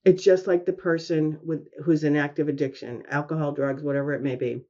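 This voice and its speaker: A woman's voice: deep voice, fairly quick, highs cut off. A woman, a mother, telling her family's story candidly in an interview, acting out quoted lines with earnest feeling. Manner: earnest, animated retelling with quoted dialogue. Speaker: guest, parent of a son with addiction.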